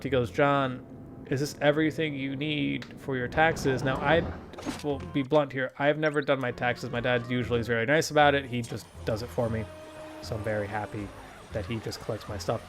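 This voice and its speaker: A man's voice: medium pitch, steady tone, normal speed, over music. A young man hosting a gaming video, telling rambling stories in casual chat, swearing and laughing often. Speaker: gaming channel host. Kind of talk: casual chat over gameplay.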